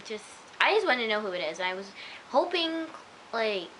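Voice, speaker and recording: A woman's voice: on the high side, sing-song, moderate pace, fairly bright tone, slight background noise, rough recording. A woman chatting casually to camera at home, rambling with lots of "like" and "oh my gosh" as she reviews an episode. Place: at home, in pajamas.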